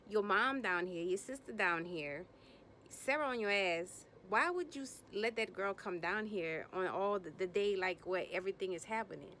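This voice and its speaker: A woman's voice: normal speed, slight background noise. A woman recapping a reality TV episode in blunt, slangy, sassy commentary, acting out people's lines as she goes. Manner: animated, acts out quotes in bursts of higher pitch.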